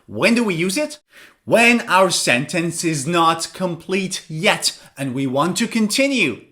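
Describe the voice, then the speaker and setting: A man teaching English pronunciation, demonstrating stress and intonation patterns with slow, exaggerated examples. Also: high-pitched, big pitch swings, pushed and bright. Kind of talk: lesson narration with spoken examples.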